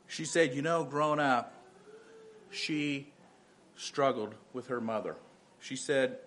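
A man's voice: medium pitch, takes it slowly, pauses often, fairly bright tone, slight background noise. A man in his fifties, a pastor giving a sermon, moving from earnest personal storytelling to emphatic preaching with many restarts.

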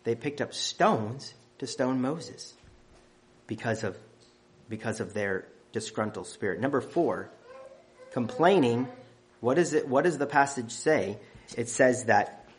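Man preaching, average pitch, builds emphasis point by point. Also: lively intonation, a little slow. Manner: emphatic, counting off numbered points. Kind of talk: sermon.

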